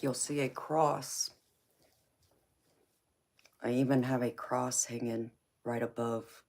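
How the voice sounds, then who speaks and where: A woman with a Southern accent and a low, deep voice, chatting casually on a live stream as a tarot reader. She is easygoing, laughs often and calls her viewers honey and baby. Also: a little mellow.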